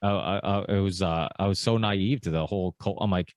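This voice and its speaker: A man's voice: low-pitched, a little fast, no room sound, highs cut off. A man hosting a podcast, chatting easily and telling stories in a loose, conversational way. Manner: easygoing, chatty, quotes himself with "I'm like". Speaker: podcast host. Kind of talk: casual podcast chat.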